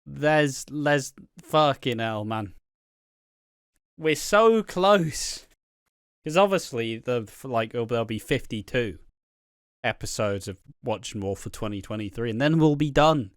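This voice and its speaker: A man's voice: mid-range voice, lively intonation, unhurried, clean tone, dry recording. Young man, podcast host, laid-back sweary chat, resonant voice, close dry mic.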